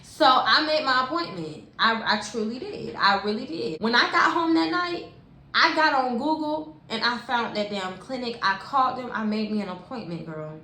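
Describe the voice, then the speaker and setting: A young woman telling a personal story in a casual, animated way, using lots of slang and talking straight to her viewers. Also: on the high side, moderate pace. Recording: echoey room with faint hiss.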